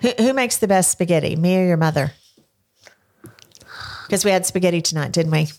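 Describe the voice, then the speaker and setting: A woman's voice: lowish voice, a little fast, darkish tone. Grandmotherly woman coaxing answers in interview. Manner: coaxing, prompting with leading questions. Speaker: podcast host. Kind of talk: casual family interview. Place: home studio.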